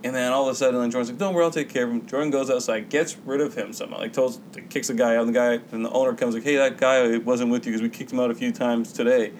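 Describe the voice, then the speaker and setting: A man's voice: mid-range voice, level tone, quick pace, hardly any pauses, darkish tone, a little hiss or hum, poor audio. Profane rambling podcast storyteller man. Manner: rambling, profane, acts out quoted voices. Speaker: podcast co-host. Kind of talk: casual storytelling chat.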